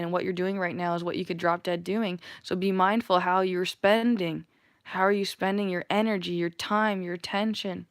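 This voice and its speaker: A woman's voice: lowish voice, smooth, no room sound. A woman channeling spiritual messages in a rambling, earnest monologue to her viewers, full of wordplay.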